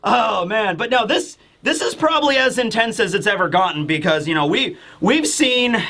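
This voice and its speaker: A man's voice: high voice, expressive, normal speed, vocal fry, pushed and bright. A man hosting a casual chat, talking animatedly and loosely with mild swearing. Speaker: host, manga reviewer.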